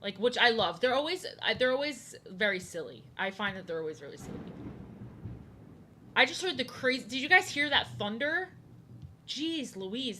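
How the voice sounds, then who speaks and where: A woman's voice: on the high side, lively intonation, moderate pace, bright, forceful tone, a little hiss or hum. A young woman streaming from home, rambling and joking as she draws, often repeating herself. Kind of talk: casual chat while drawing. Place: home, indoors.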